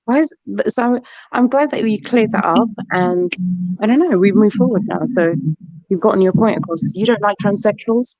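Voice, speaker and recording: A woman with a mid-pitched voice joins a live stream over a dull, dry line. She speaks softly and agrees readily. Her replies tend to be short. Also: normal speed, no room sound. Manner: soft-spoken, agreeable, brief replies. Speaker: guest. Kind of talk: casual chat.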